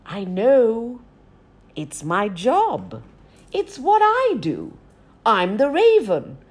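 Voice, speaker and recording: A woman's voice: wildly swooping pitch, extremely slow, exaggerated voice. A woman storyteller voicing a sly, persuasive male raven, a trickster who coaxes in a raised, cheeky voice. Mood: coaxing. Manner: coaxing, cheeky, high-pitched.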